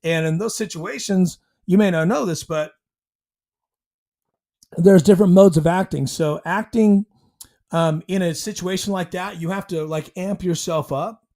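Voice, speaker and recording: Casting: high-pitched male host, casual rambling recap, acts out bits with growls. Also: a little slow. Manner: rambling, animated retelling with growled sound effects.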